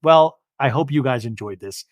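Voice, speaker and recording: A man's voice: medium pitch, lively intonation, normal speed, no room sound. A young man hosting a podcast, chatting in a gossipy, tired way. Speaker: podcast host. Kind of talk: casual chat.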